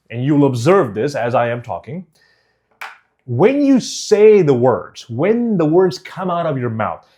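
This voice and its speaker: A man teaching a speaking course, speaking deliberately and clearly enunciating each syllable with emphasis. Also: mid-range voice, darkish tone. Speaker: speaking coach. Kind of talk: instructional course.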